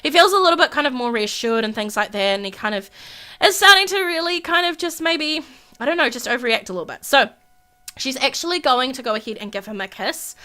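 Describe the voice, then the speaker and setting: A woman's voice: high voice, animated, fairly quick, bright, forceful tone. A woman hosting a gaming video, narrating gameplay in casual chatty commentary with plenty of fillers.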